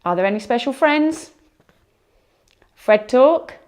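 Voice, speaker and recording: A woman teaching a phonics lesson to young children, sounding out words slowly and encouraging them. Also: high-pitched, lively intonation, darkish tone, clear, resonant tone. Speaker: primary school teacher.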